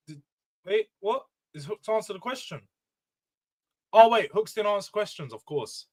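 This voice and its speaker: A man hosting a casual football live stream, loud and emotional, ranting and then bringing it back down. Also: sits high, expressive, moderate pace, poor audio. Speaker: livestream host.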